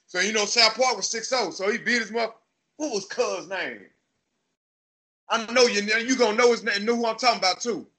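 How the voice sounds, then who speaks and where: Texas guy in his 30s, high and super bright voice, cussing a lot, tells stories animated and loose. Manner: profane, animated storytelling, acts out voices. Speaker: podcast host. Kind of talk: casual storytelling chat.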